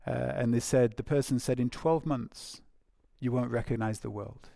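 Speaking at normal speed in a mellow, gravelly, creaky mid-range voice with fairly even intonation, a preacher delivers a conversational sermon. He loops back to repeat phrases for emphasis and says um and uh a lot. It's a dry, close recording with no room echo.

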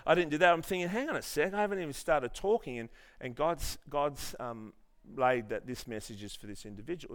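A man's voice: fairly high pitch, lively intonation, brisk, a bit bright. A man preaching a sermon, telling a story with many restarts and then leading the congregation in earnest prayer. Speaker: pastor.

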